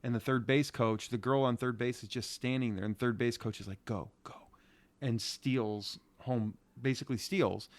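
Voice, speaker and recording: A middle-aged man from Ohio with a Northeast Ohio accent, co-hosting a podcast and telling a casual story as a youth softball coach, acting out the quotes. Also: medium pitch, moderate pace, hardly any pauses. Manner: animated, acts out quotes.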